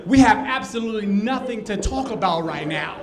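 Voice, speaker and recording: A man with a high voice does stand-up and rants in an exasperated way, hitting his punchlines loudly. The club's echo rings around him. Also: animated, a little fast, over a noisy crowd. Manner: exasperated ranting, loud emphatic punchlines. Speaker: stand-up comedian. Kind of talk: stand-up comedy set. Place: comedy club stage with audience. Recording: roomy club echo.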